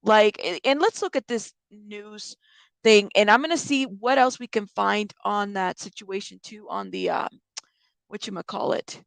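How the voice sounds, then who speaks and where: A woman's voice: medium pitch, very animated, unhurried, dry recording. A woman giving casual live-stream commentary, chatting with viewers and thinking aloud as she reacts.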